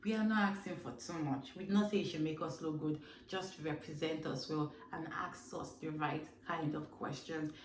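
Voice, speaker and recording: A woman's voice: low-pitched, steady tone, normal speed, hardly any pauses, a crowd in the background. A woman from Africa speaking earnestly and emphatically to her viewers in an opinion vlog. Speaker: vlogger. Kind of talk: direct-to-camera opinion vlog. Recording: roomy echo, mic set far off.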